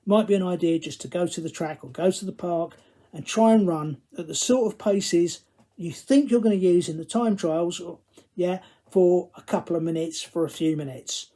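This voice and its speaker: Guy coaching runners on camera, dark mellow voice, dry jokey, reads off notes. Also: high-pitched, normal speed. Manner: dry self-deprecating humour, reading from notes. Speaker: running coach. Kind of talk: instructional talk to camera.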